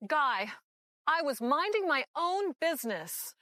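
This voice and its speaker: An actress playing an excitable young woman who witnessed a robbery, in a scripted scene for English learners, speaking slowly and clearly. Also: high voice, no room sound, studio quality, full character voice. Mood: animated. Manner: animated, slow and clear. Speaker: eyewitness in a lesson video.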